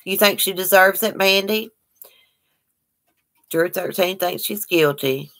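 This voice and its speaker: A woman with a medium-pitched, fairly bright voice hosts a casual livestream at a measured pace. She greets viewers by name and chats about their comments.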